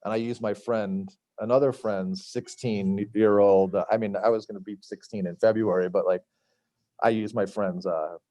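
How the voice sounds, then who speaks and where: A man's voice: lowish voice, fairly even intonation, normal speed, warm tone, no echo. A middle-aged man from Long Island, telling stories as a guest, rambling with many fillers and acted-out quotes. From Long Island, New York. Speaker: chef and podcast guest. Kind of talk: casual storytelling interview.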